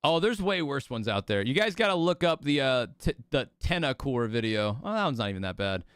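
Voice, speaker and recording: A man's voice: mid-range voice, very animated, fairly quick, fairly bright tone, smooth, no room sound, studio quality. A young man streaming, chatting casually and rambling with his viewers, laughing often. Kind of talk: casual livestream chat.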